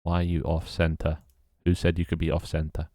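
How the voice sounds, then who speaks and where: A young man with a British accent talks loosely and wryly as he works through tasks on his game. His voice sits low, and the sound is dry and close, with no room echo. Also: completely flat delivery, brisk, dark tone. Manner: rambling, wry, self-mocking. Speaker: game developer streamer. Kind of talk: casual live-stream chat while working.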